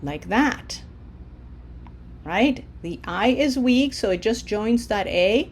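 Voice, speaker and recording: A woman teaching a language lesson, drilling verb forms slowly and clearly for the learner to repeat. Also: on the high side, expressive, slight background noise. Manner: slow, deliberate, drills words for the learner to repeat. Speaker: Spanish teacher.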